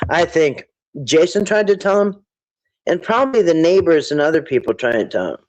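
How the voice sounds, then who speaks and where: A man's voice: fairly high pitch, lively intonation, normal speed, highs cut off. A man hosting a casual livestream, rambling and thinking aloud as he answers viewer chat. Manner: rambling, thinks aloud, quotes people in put-on voices.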